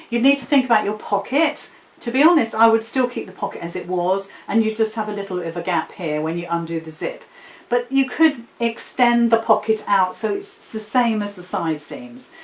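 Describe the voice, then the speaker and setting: Woman host, chatty sewing live stream, echoey room, often laughing. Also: medium pitch. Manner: chatty, reads out viewer comments, laughs often. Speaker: sewing pattern designer hosting a live stream. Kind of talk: casual live-stream chat.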